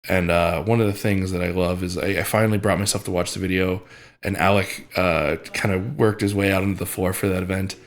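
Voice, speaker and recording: A young adult man, a strongman athlete, recapping a competition in an emotional vlog, speaking haltingly with many fillers and restarts, choked up and near tears. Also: low voice, little pitch movement.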